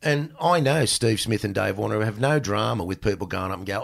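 An Australian man in his sixties, a former cricketer, telling animated stories in casual chat and swearing freely. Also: lowish voice, brisk, creaky. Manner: animated, acts out exchanges in raised voice, swears freely. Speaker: podcast guest, former cricketer.

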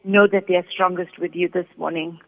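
A woman working as a psychic medium, calmly relaying messages during a radio reading. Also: lowish voice, brisk. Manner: calm, steady, relays messages in first person. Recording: phone-like sound with long reverb.

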